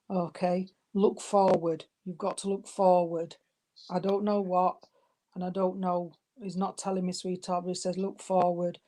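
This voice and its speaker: A spiritualist medium passes along spirit messages, warmly calling her listeners darling and sweetheart. She speaks at a normal speed with a fairly low pitch and a flat delivery.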